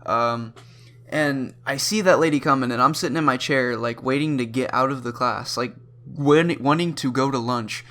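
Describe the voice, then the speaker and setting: A teenage boy vlogger telling a story from school in a rambling, casual way, full of fillers and the occasional panicked, high-pitched reenactment. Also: moderate pace, bright, forceful tone. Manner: acts out his own panicked reactions in sudden high bursts. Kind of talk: storytime vlog.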